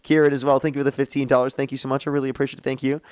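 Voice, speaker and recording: A man's voice: medium pitch, little pitch movement, very fast, darkish tone, clean tone. A young man hosting a live political debate stream, combative and profane, rattling off thanks to donors. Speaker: streamer host debating guests. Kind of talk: heated live debate and donation shout-outs.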